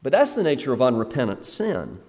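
A man's voice: mid-range voice, huge pitch swings, fairly quick, darkish tone, long reverb tail. A man preaching a sermon with emphatic swings of voice, with some fillers and restarts. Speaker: pastor.

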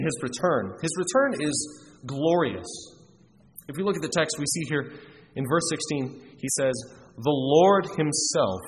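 A man preaching a sermon, earnest and emphatic, often restarting his phrases. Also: mid-range voice. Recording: reverberant hall, faint noise.

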